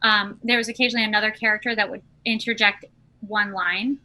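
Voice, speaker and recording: A woman co-hosting a podcast, telling relaxed stories in casual chat. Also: medium pitch, brisk, low-quality recording. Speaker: podcast co-host.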